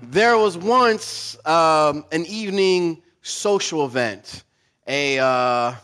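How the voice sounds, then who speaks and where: A man's voice: on the high side, slow pace, faint music behind. A man preaching a sermon, telling a story and acting out the voices in it, asking his listeners questions. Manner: animated, acts out quoted voices, asks the audience questions. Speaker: pastor.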